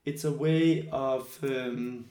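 A man who is not a native English speaker leads a group workshop. He talks haltingly, thinking aloud with many fillers. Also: medium pitch, steady tone, warm tone. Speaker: workshop leader. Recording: echoey room.

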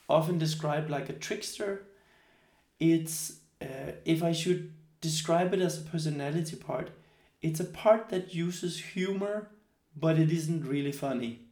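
A man who is not a native English speaker leads a group workshop. He talks haltingly, thinking aloud with many fillers. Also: on the high side, darkish tone. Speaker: workshop leader. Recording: echoey room.

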